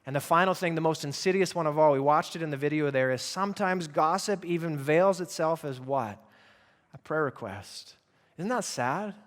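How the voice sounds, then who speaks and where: A man's voice: on the high side, normal speed, in a large hall. A male pastor preaching a sermon in a conversational, emphatic way, with asides to his congregation. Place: church sanctuary.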